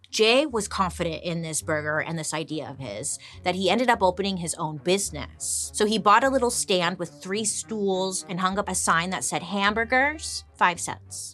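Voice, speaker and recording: A young adult woman hosting a storytelling podcast, chatty and playful, with jokey asides and sudden jumps up in pitch. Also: fairly bright tone. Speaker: podcast host.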